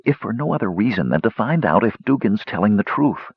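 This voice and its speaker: A man's voice: on the low side, big pitch swings, a little fast, vocal fry, slightly rough, dry recording, heavily acted. A man doing an anxious young mage. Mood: hushed. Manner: urgent, earnest. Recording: dull lo-fi dry recording.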